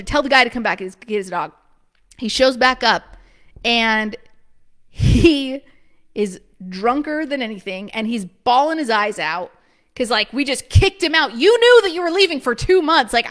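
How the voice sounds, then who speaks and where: A woman in her thirties telling a personal story in a lively, casual way, full of "like" and short laughs, acting out what people said. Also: high voice. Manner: animated, filler-heavy with frequent "like", quick laughs. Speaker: preschool business coach.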